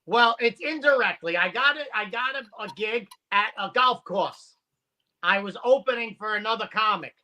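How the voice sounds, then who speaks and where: Male comic, high bright voice, loose swearing anecdotes that act out the people in them. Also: normal speed. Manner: animated, profane anecdotes acting out other people. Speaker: comedian. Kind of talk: casual storytelling chat.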